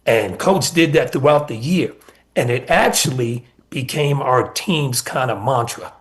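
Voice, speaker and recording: A man's voice: medium pitch, a little slow. A middle-aged man, a college basketball coach, telling stories as a guest in a casual radio interview and often repeating words.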